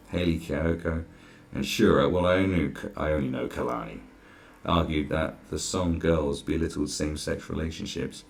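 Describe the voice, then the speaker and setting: A man's voice: rumbling low, vocal fry, darkish tone. A man ranting sarcastically through a reaction commentary, exasperated and swearing freely. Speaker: commentary vlogger.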